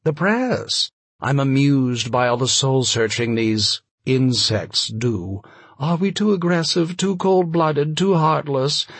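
A man's voice: medium pitch, expressive, slow, a bit bright, husky, no room sound, exaggerated voice. A man voicing an affected, sardonic older male novelist with a mid-Atlantic accent and an arch, drawling delivery.

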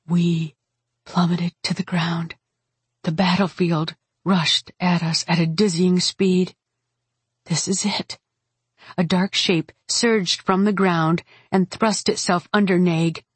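A woman narrates a first-person fantasy audiobook with intense, dramatic delivery. Her voice sits a little low and a touch husky, and the pace is unhurried. The recording is close and dry. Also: dry recording. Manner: intense, dramatic reading with cries in character.

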